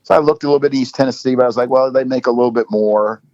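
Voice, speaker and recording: A man's voice: mid-range voice, rapid-fire, darkish tone, no echo. A middle-aged man, a football coach, telling stories in a casual interview with lots of "you know" fillers. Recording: dull lo-fi dry recording.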